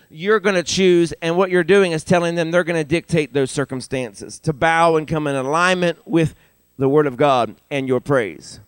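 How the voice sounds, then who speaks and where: Older male preacher, animated pulpit delivery, clean resonant tone, close and dry. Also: clean tone, no room sound. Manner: animated, rising in pitch and volume for emphasis. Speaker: pastor. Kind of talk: sermon. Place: church sanctuary.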